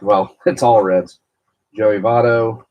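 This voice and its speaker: On a live stream, a man rambles slowly about his baseball card collection in a lowish, fairly even voice, reading out viewer comments and responding to each. The audio sounds dull.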